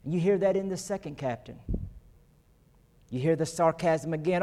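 With a dark tone and a voice on the high side, a pastor gives an earnest sermon at moderate speed in a hall with long reverb. He rises in pitch for emphasis and when performing quotes.

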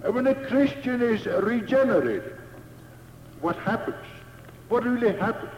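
Male preacher, high voice, deliberate sermon delivery, dull lo-fi sound. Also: animated, slight background noise. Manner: slow, emphatic, repeats key phrases. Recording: echoey hall, dull lo-fi sound.

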